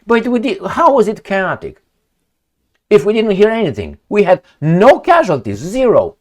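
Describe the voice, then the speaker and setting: A high, very animated male voice, a little mellow, moves at a normal speed. The speaker hosts a political commentary vlog in a non-native English accent, ranting and throwing rhetorical questions at viewers.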